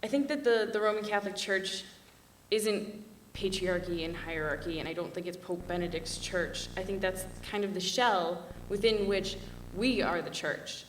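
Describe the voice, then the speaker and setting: A woman's voice: lowish voice, moderate pace, slight background noise. A young woman, a student panelist, giving an earnest, passionate panel talk, chatty with lots of "like", recorded from a distance in a hall. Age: young adult. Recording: echoey hall from far off.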